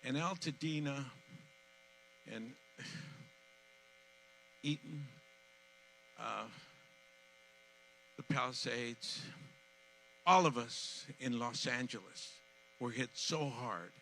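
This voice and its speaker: A man's voice: medium pitch, very slow, long pauses, a little hiss or hum, rough recording. Emotional eighty-year-old man at a ceremony. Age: 80s. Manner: heartfelt, repeats himself, swings from soft to loud. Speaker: master of ceremonies. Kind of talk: emotional public speech at outdoor ceremony. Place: outdoor community event.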